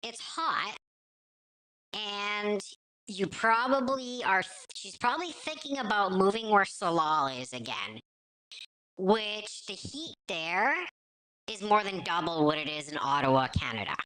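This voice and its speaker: Blunt woman with a bright voice. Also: mid-range voice, lively intonation, a little slow, poor audio. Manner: blunt, scornful. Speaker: reaction commentator. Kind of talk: commentary over clips.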